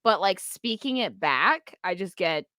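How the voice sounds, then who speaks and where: A woman's voice: mid-range voice, animated, pushed and bright, dry recording, studio quality. Giggly woman chatting on a podcast. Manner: giggly, quick asides, mimics voices. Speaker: podcast co-host. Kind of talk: casual chat.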